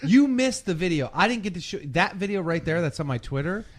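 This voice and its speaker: A man chatting casually on a podcast, telling a story with lots of swearing and loud mimicry of other people. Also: high-pitched, very animated, fairly quick. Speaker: podcast guest.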